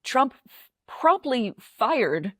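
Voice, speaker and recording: A woman's voice: a little high, sing-song, drawn-out words, fairly bright tone, no room sound, studio quality. An American woman co-hosting a podcast, talking bluntly about politics and swearing freely. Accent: American English. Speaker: podcast co-host. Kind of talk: casual political chat.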